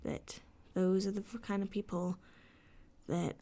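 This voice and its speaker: A woman's voice: mid-range voice, level tone, unhurried, warm tone. A woman vents to the camera late at night, sleepless and fed up. Her rant is sarcastic and full of swearing. Now and then her voice sinks to a whisper before it climbs again. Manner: frustrated, sweary, sarcastic ranting; drops into whispers at times. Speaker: vlogger. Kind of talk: late-night venting vlog.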